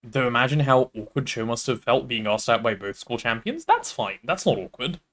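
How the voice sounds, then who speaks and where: Brief: male streamer, chatty and animated, swears casually, pitch swinging all over. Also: normal speed. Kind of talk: reading a novel aloud and chatting on stream.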